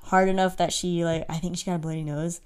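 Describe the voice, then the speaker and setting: A woman's voice: fairly low pitch, flat delivery, quick pace, a little mellow, clean tone. A woman co-hosting a casual chat, telling anecdotes, acting out quotes and laughing often. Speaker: podcast co-host.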